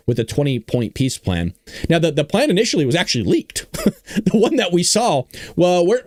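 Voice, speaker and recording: A man hosting a political commentary show, reacting to the news in a blunt, indignant way and speaking straight to his viewers. His voice sits somewhat high and swings widely in pitch. The sound is close and dry. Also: a little mellow, no echo. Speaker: show host.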